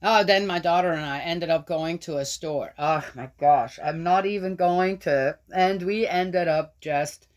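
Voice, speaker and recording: Older woman, grandmother, casual rambling chat, scripture reading, slightly low pitch. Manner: rambling, chatty storytelling with many fillers; steady, measured reading of scripture. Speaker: host reading the Psalms.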